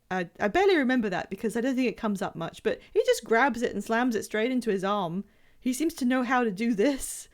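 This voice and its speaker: Streamer, woman, somewhat high voice, rambling and self-deprecating gameplay chatter. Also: a little mellow. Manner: rambling, self-deprecating, trails off mid-thought. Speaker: game streamer. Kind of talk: casual live gameplay commentary.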